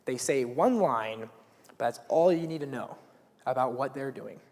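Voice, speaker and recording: A teenage boy preaching at a school week of prayer, talking earnestly and casually with plenty of restarts. His pitch moves a lot, rising and falling with the story, and a long reverb trails off the hall walls. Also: lively intonation, moderate pace, darkish tone. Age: late teens. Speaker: student speaker. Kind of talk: youth sermon retelling a Bible story. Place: school chapel or hall, live.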